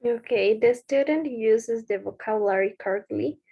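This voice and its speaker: A woman's voice: fairly high pitch, moderate pace, gravelly, slightly rough. Careful female student reading on a lo-fi call. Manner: careful reading, slight self-correction. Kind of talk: reading aloud in class.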